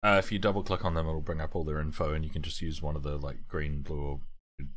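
Very deep-voiced tabletop player. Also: male voice, level tone, fast. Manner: methodical, talks through his moves and rules. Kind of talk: casual tabletop play.

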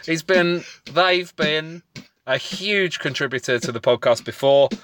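A man's voice: a little high, unhurried, fairly bright tone, slight background noise. A man co-hosting a casual podcast, a comedian talking loosely with plenty of ums and some teasing. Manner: chatty, rambling with ums, teasing. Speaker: podcast co-host.

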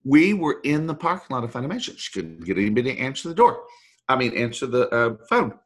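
A middle-aged man, a voice actor guest telling a long story in a rambling, animated way and acting out the people he quotes. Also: medium pitch, fast talker. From Texas. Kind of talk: storytelling anecdote.

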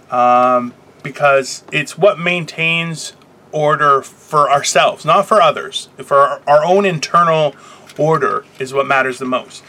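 A man with a bright, somewhat high voice hosts a loose, joking chat recorded in a car. He rambles through stories with plenty of swearing and offhand asides. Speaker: podcast host. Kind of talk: casual chat.

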